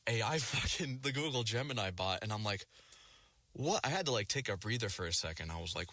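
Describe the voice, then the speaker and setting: A man's voice: lowish voice, animated, a little fast, sharp tone, dry recording. A young man ranting casually to his viewers, rambling and swearing a lot with plenty of filler words. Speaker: vlogger. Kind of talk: casual rant to camera.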